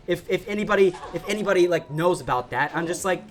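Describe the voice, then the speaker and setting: Teen boy yapping over his gameplay, rambly and excitable, keeps saying okay. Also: sits high, fast, hardly any pauses, soft background music. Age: teens. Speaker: gaming YouTuber. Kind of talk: casual gameplay commentary.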